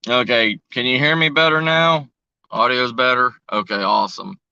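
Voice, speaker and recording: A man's voice: mid-range voice, moderate pace, creaky, sharp tone, clean tone, no echo. A middle-aged man rambling in casual livestream chat and reading out viewer names, heard over a lo-fi phone connection. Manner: rambling, reads viewer names, thinking aloud. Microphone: phone on a weak connection. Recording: muffled lo-fi stream audio over bad cell signal.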